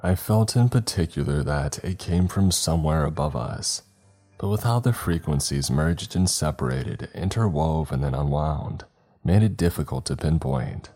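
A man reading a scary story aloud in a slow, measured, grave manner, as the narrator of a horror podcast. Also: animated, breathy edge, soft background music. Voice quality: very deep, dark voice.

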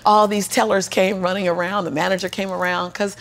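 A middle-aged woman and motivational speaker telling a personal story in an interview, lively and acting out the people in it, then preaching with repeated phrases. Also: medium pitch, a little fast. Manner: animated, acts out the people in her story.

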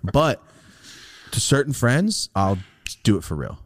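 A man co-hosting a casual podcast, swearing freely and acting out loud quoted voices as he tells stories. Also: mid-range voice, big pitch swings, measured pace, dry recording. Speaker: podcast co-host.

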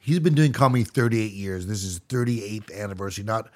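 A man's voice: fairly low pitch, animated, brisk, darkish tone. A man co-hosting a podcast, making his points in casual debate. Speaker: podcast co-host.

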